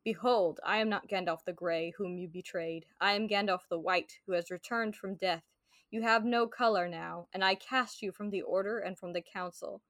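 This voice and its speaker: A stern old wizard delivers a rebuke , read aloud by a woman in her own voice. The voice sits at an ordinary middle pitch and is recorded dry, with no room sound around it. It is a book passage read aloud, not a full performance. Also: normal speed, fairly bright tone, no echo, lightly acted.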